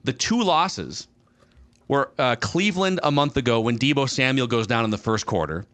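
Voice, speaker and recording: A man hosting a sports podcast who backs up his points with statistics in a measured, casual way. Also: medium pitch, expressive, a bit bright. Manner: stat-driven, measured, some fillers. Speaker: podcast host.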